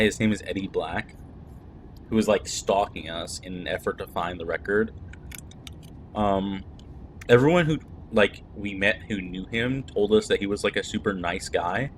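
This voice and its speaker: A man chatting casually as he streams a narrative game, blunt and full of fillers. His voice sits fairly low. Faint background noise runs under the recording.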